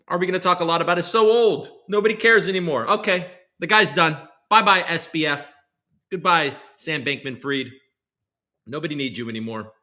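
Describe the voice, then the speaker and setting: A young man hosting a casual livestream, rambling and sarcastic, jumping from loud bursts to low muttered asides. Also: brisk. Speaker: host.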